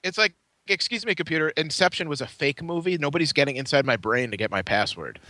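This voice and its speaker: Brief: man, co-host, deadpan storyteller, bright tone, dry sound. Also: fairly high pitch, fast, no echo. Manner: storytelling, deadpan, swears freely. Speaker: podcast co-host. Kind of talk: casual comedy podcast chat.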